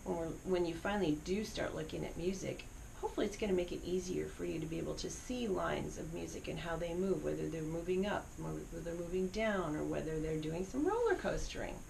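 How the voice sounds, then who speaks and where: Woman teaching a gentle voice lesson. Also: on the low side, lively intonation, a little fast, creaky, hardly any pauses, slight background noise, rough recording. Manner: encouraging, demonstrating vocal slides. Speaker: music teacher. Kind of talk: voice lesson for students.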